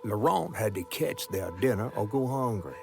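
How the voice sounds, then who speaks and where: A man's voice: on the low side, expressive, normal speed, vocal fry. A man reading story text aloud in a put-on, old-fashioned genteel Southern US accent. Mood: storytelling. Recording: game music underneath.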